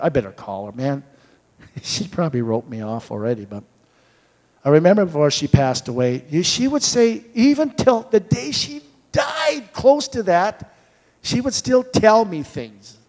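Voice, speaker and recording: A man's voice: sits high, a little mellow. A man preaching a sermon, telling stories with acted-out dialogue and building to fervent proclamation. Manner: storytelling, acts out dialogue, rises to fervent proclaiming. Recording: long hall reverb.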